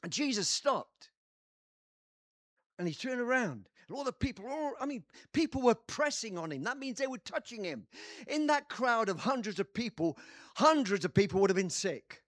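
A man preaching a sermon, telling a story dramatically and acting out quotes with sudden shouts. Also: very high voice, sing-song, moderate pace, dry recording, clean studio sound.

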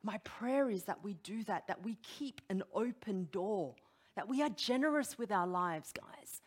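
A woman's voice: mid-range voice, moderate pace, slightly rough. Woman preacher, middle-aged, emphatic sermon, questions to the congregation. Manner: animated, emphatic preaching with direct questions to the audience.

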